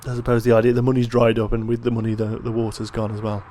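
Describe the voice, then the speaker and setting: A man hosting a let's play thinks out loud about his game in a relaxed, chatty way, clearly tired, with yawns in his voice. His mid-range voice moves at a quick pace, and slight background noise can be heard in this casual commentary.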